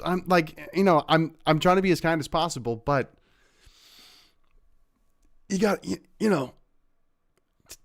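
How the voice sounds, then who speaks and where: A man's voice: fairly high pitch, no room sound, studio quality. A man hosting a livestream, giving casual, sarcastic commentary on clips he plays, rambling with fillers. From Canada. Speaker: livestream host reacting to clips.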